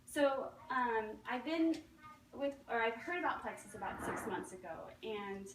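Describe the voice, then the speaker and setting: A woman's voice: fairly high pitch, expressive, unhurried, noisy background. A young woman giving a nervous testimonial at a meeting, telling a story with many ums and acting out quoted voices. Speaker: testimonial speaker. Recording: echoey room, recorded from far off.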